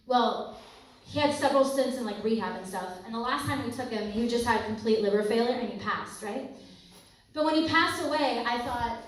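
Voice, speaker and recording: A woman giving a lively faith talk, chatty and animated, acting out the voices she quotes. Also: a little high, slight background noise. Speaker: speaker. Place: campus ministry center hall. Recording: echoey hall, distant mic.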